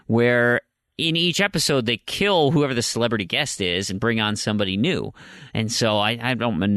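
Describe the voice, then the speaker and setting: Bright, long-winded man podcaster. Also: medium pitch, dry recording, clean studio sound. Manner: rambling, long-winded storyteller with many restarts. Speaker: podcast co-host. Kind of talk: casual chat.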